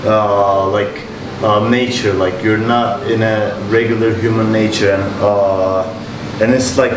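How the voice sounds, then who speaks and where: Hesitant man heard from across the room. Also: mid-range voice. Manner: hesitant, full of um and like. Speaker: student in the group. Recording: distant roomy mic with air-conditioning hum.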